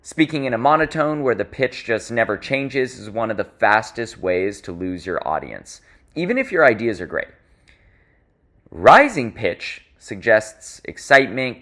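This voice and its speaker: A man teaching public speaking in an instructional talk, stressing key words and shifting his pace and volume to make his points. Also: mid-range voice. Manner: expressive, varies pace and volume for emphasis.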